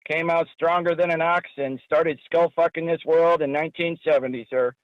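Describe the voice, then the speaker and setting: A man's voice: on the high side, steady tone, no room sound, highs cut off, lightly acted. A man playing a crude, boastful aging caller with a New Jersey accent who calls himself a producer. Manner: boastful, crude, quick to take offense. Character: sleazy aging male caller, loud braggart producer.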